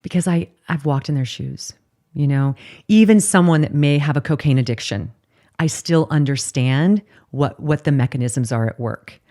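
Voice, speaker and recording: A woman's voice: deep voice, moderate pace, mellow. A woman in her forties, a clinical director and therapist, answering interview questions in an earnest, emphatic way.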